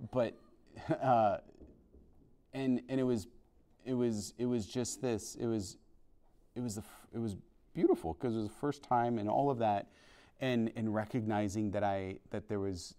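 A male priest telling his conversion story to a parish class in an earnest, halting way, with many restarts. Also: on the low side, steady tone, warm tone. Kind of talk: informal testimony to a parish class. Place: parish hall.

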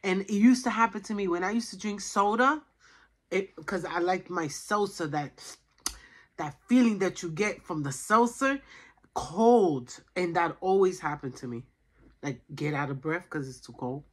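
Husky-voiced woman chatting over a meal. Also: mid-range voice, a little slow. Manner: chatty, talks between bites with frequent "you know". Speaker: mukbang vlogger. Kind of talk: casual chat while eating.

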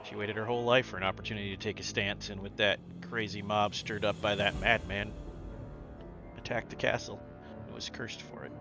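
A man narrating as game master of a tabletop game, in a steady descriptive manner. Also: on the low side, a little fast. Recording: dull lo-fi sound with loud music.

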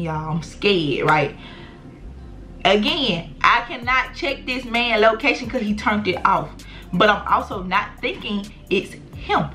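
A young adult woman vlogger telling a storytime straight to her viewers. She talks in an animated, slangy way and swears freely. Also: medium pitch. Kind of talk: storytime vlog.

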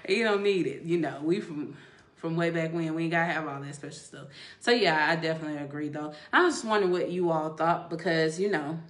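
A woman hosting a casual live-stream chat, relaxed and quick to laugh, chatting as she reads viewer comments. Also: low voice. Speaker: host. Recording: echoey room.

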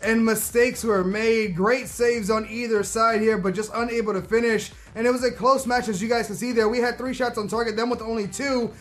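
A young man hosting a let's-play of a football video game, reacting loudly and excitably to the match and chatting casually. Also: extremely high pitch, fairly quick, few pauses, soft background music. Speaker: gaming video host.

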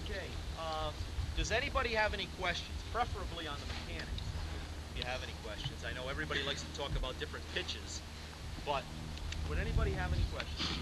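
A man, a pitching coach, lecturing young players at a camp, checking in with "okay?" and calling them "guys". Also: lively intonation, fast talker. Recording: loud hiss on an old 1980s lecture tape.

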